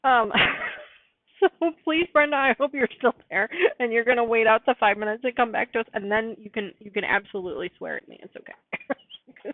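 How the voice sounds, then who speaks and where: A woman with a fairly high voice speaks at a moderate pace while hosting a live quilting stream, with no echo. She's chatty and apologetic and laughs often in this casual sewing chat, recorded with a dry, narrow, phone-like sound.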